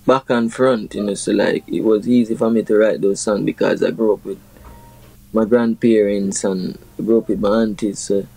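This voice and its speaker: A man's voice: fairly low pitch, steady tone, normal speed, vocal fry, dark tone, slightly rough, rough recording. A young Jamaican man, a reggae artist, chatting casually in an interview and explaining his lyrics through proverbs with many "you know"s.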